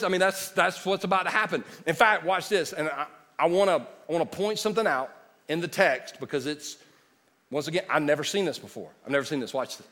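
A man preaching a sermon, moving between loud declarations and quiet storytelling. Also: on the high side, expressive, a little fast. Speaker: pastor. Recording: long hall reverb.

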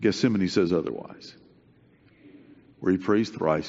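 Low-voiced guy preaching a sermon, husky, earnest and chatty, echoey hall, kinda muffled. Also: animated, a little fast, a little mellow. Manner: earnest, conversational, emphatic repetition. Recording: dull recording with long hall reverb.

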